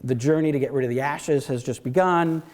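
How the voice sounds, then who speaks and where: A man's voice: mid-range voice, a little fast, darkish tone. A man in his fifties giving a casual, rambling storytelling talk at a library event, full of asides and acted-out quotes. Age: 50s. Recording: long hall reverb.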